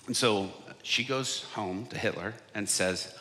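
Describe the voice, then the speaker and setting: A man preaching a sermon from a stage, telling a story and acting out what people said, often getting much louder. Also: lowish voice, a little slow. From United States. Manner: animated, acts out quotes with big swings in loudness. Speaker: evangelist preacher. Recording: long hall reverb.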